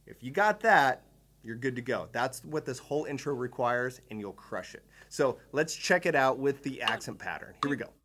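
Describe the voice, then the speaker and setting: A man's voice: mid-range voice, lively intonation, normal speed, a bit bright, a little hiss or hum. A man giving a drum lesson, explaining patterns step by step with enthusiasm and counting beats aloud. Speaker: drum teacher. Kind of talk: instructional video lesson.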